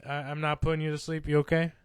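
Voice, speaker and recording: A young man casually telling a long story on a podcast, animated and swearing, acting out quotes in other voices. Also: a little high, fast, smooth, no room sound.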